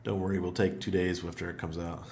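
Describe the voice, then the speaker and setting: A middle-aged man with a hoarse voice, hosting a casual livestream, chatty and laughing often as he greets viewers. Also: low-pitched, little pitch movement, moderate pace, a little mellow, slight background noise. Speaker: livestream host.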